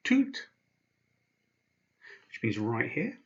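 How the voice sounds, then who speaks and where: Man, language teacher, animated pitch, dull lo-fi recording. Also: normal speed. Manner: patient, spells out each sound. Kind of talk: explaining slowly, with pauses.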